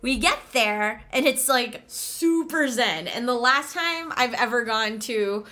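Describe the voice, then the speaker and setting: A woman's voice: a little high, slow, sharp tone. A woman co-hosting a podcast from home, telling a story in casual chat, acting out quotes and laughing often. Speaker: podcast co-host.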